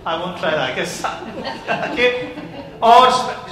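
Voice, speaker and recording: Guy minister, slow bright voice, doing a kids talk with the congregation, big echoey church. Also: high voice, very animated. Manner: interactive, questioning the congregation. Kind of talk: children's talk in church service. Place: large church hall.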